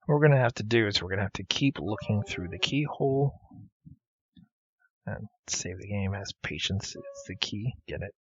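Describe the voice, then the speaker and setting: A man's voice: lowish voice, animated, a little fast, fairly bright tone. A man giving chatty, punning, self-deprecating commentary over a game he is playing. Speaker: let's play host. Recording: dull lo-fi recording with faint game music.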